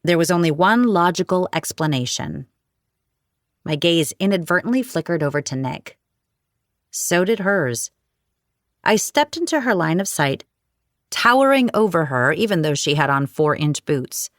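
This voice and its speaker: A woman narrating a romance audiobook in the first person, with wry, expressive storytelling. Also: sits low, normal speed, dry recording, clean studio sound.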